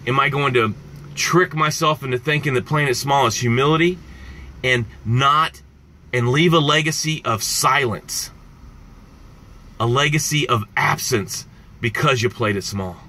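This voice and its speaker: A man's voice: mid-range voice, a little slow, pushed and bright, slight background noise. A man coaching viewers on a live stream in an impassioned, direct way, repeating his key points. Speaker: success coach. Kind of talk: motivational live-stream talk.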